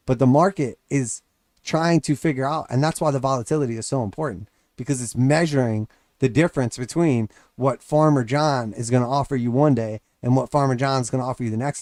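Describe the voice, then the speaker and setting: A man's voice: medium pitch, darkish tone, no echo, clean studio sound. A man giving casual, blunt live market commentary as host, sarcastic, often acting out mocking voices.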